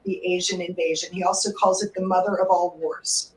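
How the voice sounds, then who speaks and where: A woman's voice: on the low side, fairly even intonation, fairly quick, slight background noise. A woman hosts a live call-in radio show, rambling and emotional, with curses dropped in along the way. Her voice sits back from the microphone, and the room gives it a roomy echo. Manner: emotional, rambling, swears freely. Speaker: psychic radio host. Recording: echoey room, distant mic.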